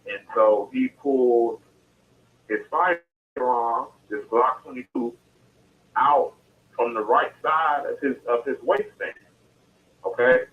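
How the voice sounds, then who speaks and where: An interview guest speaks slowly with frequent pauses, his mid-range voice distant and tinny on a phone call. He recounts events casually and in detail, restarting and repeating himself often.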